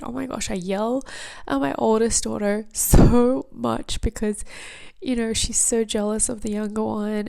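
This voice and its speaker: A woman in her thirties hosting a podcast, speaking softly in a half-whispered, tearful, reflective way. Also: a little high. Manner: soft, breathy, half-whispered delivery. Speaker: podcast host.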